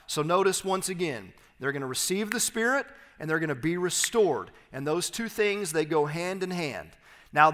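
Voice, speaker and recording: A man preaching an expository sermon as pastor, reading scripture aloud and explaining it with emphatic, slowed phrases. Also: high voice, a bit bright, in a large hall. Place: church sanctuary.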